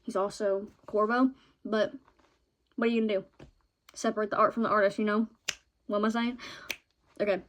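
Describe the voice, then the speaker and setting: A young woman vlogging in a chatty, excitable way about her favorite shows and books, often ending points with "okay?". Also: medium pitch, a little fast, long pauses, slight background noise.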